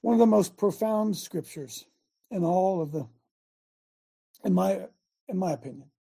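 A man's voice: sits high, lively intonation, a little slow, creaky, dark tone, slightly rough. A man in his sixties preaching a sermon in a folksy, impassioned way and repeating lines for emphasis. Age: 60s. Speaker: preacher and show host.

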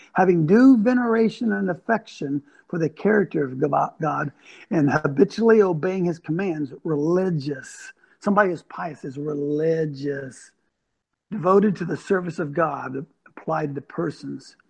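A man's voice: on the high side, creaky, slightly rough. A man hosting an online show, a former football coach giving an intense, emphatic, sermon-like talk full of rhetorical questions into his computer mic. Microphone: computer mic on a video stream.

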